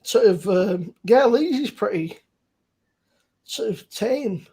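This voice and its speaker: A woman with a husky, slightly breathy voice hosts a relaxed chat over a few beers. She rambles along loosely, swears often and breaks into laughter between thoughts. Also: mid-range voice, slow pace. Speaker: host.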